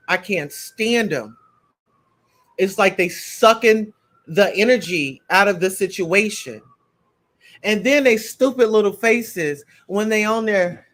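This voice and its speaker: A man hosting a casual live stream, reading the chat and talking straight to his viewers in a loud, sassy way, eating and sipping as he goes. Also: sits high. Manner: eats and sips while talking. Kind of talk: casual livestream commentary.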